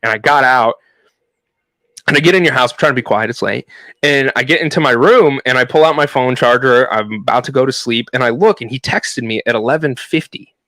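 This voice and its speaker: A man co-hosting a podcast, telling a long story in a casual, animated way, with frequent swearing and fillers. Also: medium pitch, brisk, no room sound. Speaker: podcast co-host.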